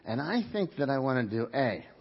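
A middle-aged pastor preaching a sermon in church, swinging between loud, emphatic bursts and quiet asides. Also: male voice, medium pitch, sing-song, a little fast, vocal fry, husky, lo-fi sound. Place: church sanctuary before a congregation.

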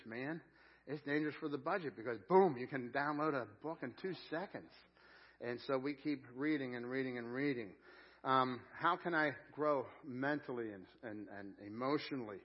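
A male pastor giving a sermon, building to loud emphatic peaks and repeating words as he speaks. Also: medium pitch, lo-fi sound. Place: church sanctuary.

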